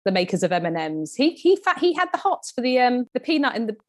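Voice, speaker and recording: A woman's voice: high voice, sing-song, fast talker. A woman, chatting as a podcast co-host in a gossipy, cheeky way. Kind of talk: casual chat.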